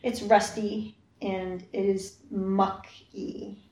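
A woman's voice: medium pitch, level tone, darkish tone, distant mic. A woman narrating a tabletop game as game master, describing scenes in a chatty, easygoing way. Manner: chatty, descriptive, quick asides. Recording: echoey room.

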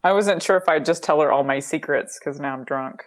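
Woman, lowish voice, tabletop player, giggly, playful. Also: a little fast. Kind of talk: casual tabletop play.

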